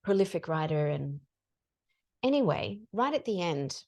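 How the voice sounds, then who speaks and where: Lively woman telling a story. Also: lowish voice, unhurried. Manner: animated, acts out dialogue in her stories. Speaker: podcast guest. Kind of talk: casual storytelling.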